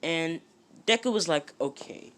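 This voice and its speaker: A man's voice: medium pitch, lively intonation, unhurried. A man casually retelling a fan-made story, rambling with many fillers and "he's like" asides.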